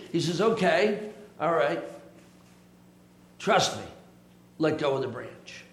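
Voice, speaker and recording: A man with a high voice delivers a sermon in a folksy, animated way, easing into scripture with a joke. His voice rings out in a roomy, echoey church hall. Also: takes it slowly, long pauses. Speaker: pastor.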